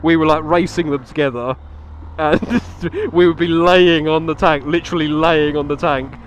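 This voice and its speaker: A man's voice: fairly high pitch, normal speed, a little hiss or hum. A man chatting casually into his helmet mic while riding a motorbike on country roads, laughing often and swearing now and then. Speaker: motovlogger.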